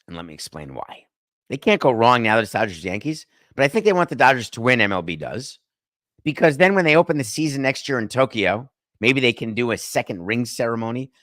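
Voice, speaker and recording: A middle-aged man hosting a sports podcast, talking in a brash, joking monologue full of quick asides. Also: on the low side, fairly bright tone, no room sound, studio quality. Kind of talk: casual sports commentary monologue.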